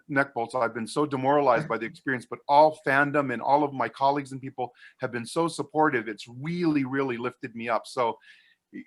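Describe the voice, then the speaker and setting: A man's voice: medium pitch, fairly bright tone. A man chatting casually on a podcast, telling a story with enthusiasm and lots of restarts. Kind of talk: casual chat.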